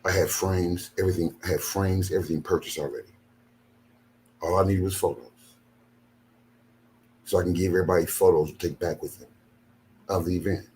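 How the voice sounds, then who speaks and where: A man's voice: low voice, fairly even intonation, brisk, long pauses, a little mellow, a little hiss or hum. An older man, a ministry leader, venting angrily and repetitively from his studio, tired after a sleepless night. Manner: aggrieved, repetitive, emphatic. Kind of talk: angry venting monologue. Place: home studio.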